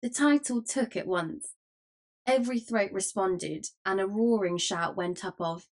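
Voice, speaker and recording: A woman reading a classic novel aloud as an audiobook narrator, in a measured storytelling manner. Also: medium pitch. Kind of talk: scripted narration.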